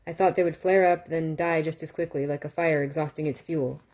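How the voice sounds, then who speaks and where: Low-voiced woman reading a novel aloud. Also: fairly quick. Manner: calm, with small self-corrections and asides. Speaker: audiobook reader.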